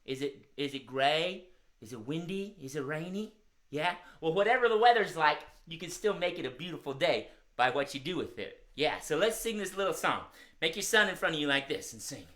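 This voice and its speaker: A man's voice: high voice, expressive, normal speed, pushed and bright. Cheerful man hosting kids' show. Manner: cheerful, talks straight to young viewers. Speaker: children's musician and host. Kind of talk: live-streamed kids' show chat.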